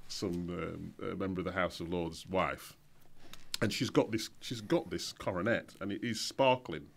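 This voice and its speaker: A man's voice: sits low, normal speed, gravelly. A middle-aged man guest-hosting a radio show in the studio, chatting casually, laughing often and trailing off into fillers.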